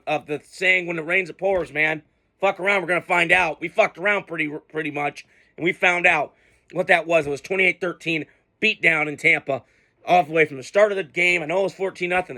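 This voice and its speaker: High, bright-voiced ranting sports fan. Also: male voice. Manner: blunt, swearing, worked-up. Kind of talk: profane sports reaction rant.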